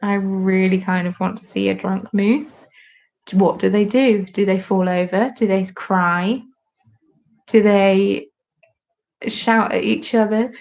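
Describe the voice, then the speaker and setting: A woman's voice: mid-range voice, fairly even intonation, a little slow, creaky. Young British woman hosting a chatty live stream, self-mocking, slightly dull lo-fi sound. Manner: chatty and self-deprecating, reacting to viewer comments. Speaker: host of a live craft stream. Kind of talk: casual live-stream chat.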